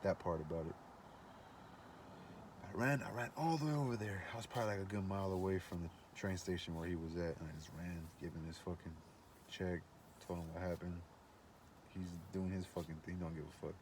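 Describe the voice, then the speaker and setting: Man, casual storytelling, rambling, profane, lots of fillers, low voice, faint background noise. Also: fairly quick. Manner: rambling, profane, laid-back with many fillers.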